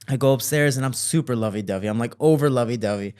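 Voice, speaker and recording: A man telling stories from his childhood as a guest in an interview, with lively quoting and relaxed fillers. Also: a little fast, hardly any pauses. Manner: animated, jumps higher to quote people; fillers and restarts, relaxed flow. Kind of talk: casual storytelling.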